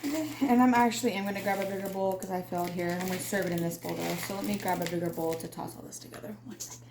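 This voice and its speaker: A woman's voice: fairly low pitch, racing. A woman hosting a casual home cooking demonstration, chatty and self-deprecating, talking straight to her viewers. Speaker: cooking video host. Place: home kitchen. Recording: echoey kitchen with loud background noise.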